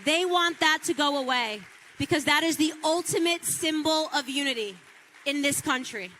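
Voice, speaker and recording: A woman speaks in a high, piercing register, sharp and forceful in tone. She delivers a passionate political speech. She repeats lines for punch and climbs to near-shouting peaks. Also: lively intonation, moderate pace, in a large hall, a faint crowd, slight background noise. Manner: repeats phrases for rhetorical punch.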